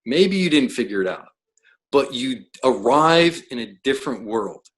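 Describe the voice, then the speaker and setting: A man's voice: mid-range voice, lively intonation, normal speed, a bit bright, low-quality recording. A man who is a professional coach, talking as a podcast guest in an emphatic, blunt way, full of rhetorical questions. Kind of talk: podcast interview.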